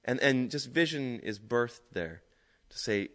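A man's voice: mid-range voice, expressive, a little slow, a bit bright. Male preacher, conversational storytelling style, recorded in a reverberant hall. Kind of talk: sermon. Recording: echoey hall.

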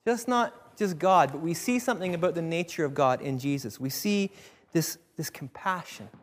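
A man preaching a sermon in an animated way, acting out the voices of biblical figures. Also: on the high side, moderate pace. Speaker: pastor. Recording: reverberant hall.

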